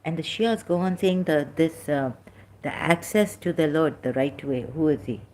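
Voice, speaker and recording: A woman's voice: low-pitched, normal speed, a little mellow. A middle-aged woman from Pakistan, giving unscripted religious commentary in a rambling, hesitant way, full of fillers and restarts.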